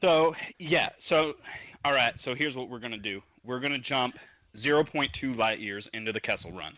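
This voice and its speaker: A man's voice: mid-range voice, normal speed, bright, forceful tone, no echo. A man playing a tabletop game, talking directly and sometimes with some exasperation. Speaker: player. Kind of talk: casual tabletop play.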